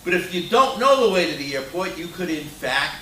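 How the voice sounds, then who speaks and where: Older male keynote speaker, bright tone, blunt and anecdotal, picked up from afar in an echoey hall. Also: sits high, big pitch swings, brisk, slight background noise. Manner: opinionated, anecdotal, with frequent uh fillers. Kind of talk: conference keynote talk. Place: conference hall. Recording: roomy hall sound from a distant mic.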